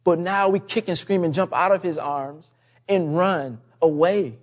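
A man preaching a sermon, telling a personal story in a conversational way and building to an impassioned appeal. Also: a little slow. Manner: impassioned, rising in pitch and volume toward the end. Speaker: pastor.

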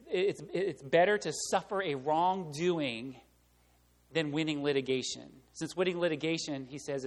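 A male pastor preaching a conversational sermon, dropping to soft asides and rising to loud, emphatic peaks. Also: on the high side. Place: church sanctuary. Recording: long church reverb.

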